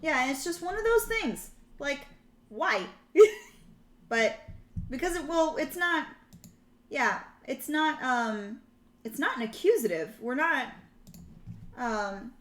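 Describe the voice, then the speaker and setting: A young woman hosts a live language-learning stream in a chatty, rambling way, laughing as she goes. Her voice sits a little high. The room around her rings with a noticeable echo. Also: expressive, takes it slowly, long pauses, a bit bright, a little hiss or hum. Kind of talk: casual live-stream chat. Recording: roomy echo.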